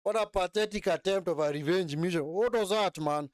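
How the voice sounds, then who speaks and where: A man's voice: sits high, fairly quick, no echo, clean studio sound. A young man hosting a live football watch-along, mocking and scolding the players in a long rant. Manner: mimics players in whiny put-on voices.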